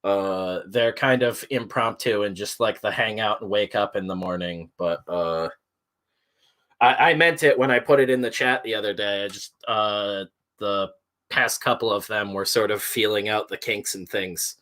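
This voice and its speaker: Hosting a laid-back morning stream, this man talks in a loose, wandering way, filling gaps with "uh" and swearing now and then. His lowish voice sounds pushed and bright, at a moderate pace.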